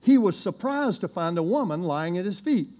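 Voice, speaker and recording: Guy preaching, folksy storyteller, kinda high voice but mellow. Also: moderate pace. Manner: animated, with asides to the congregation. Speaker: pastor. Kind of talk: sermon.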